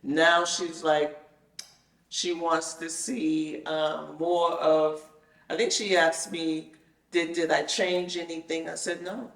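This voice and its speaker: A woman tells her story in a loose, lively way and acts out each exchange she remembers. Her voice sits a bit back from the mic, and the room around her rings with echo. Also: low voice, takes it slowly, gravelly. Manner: animated, acts out the conversations she retells. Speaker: guest telling her experience. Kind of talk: casual storytelling. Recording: roomy sound, mic at a distance.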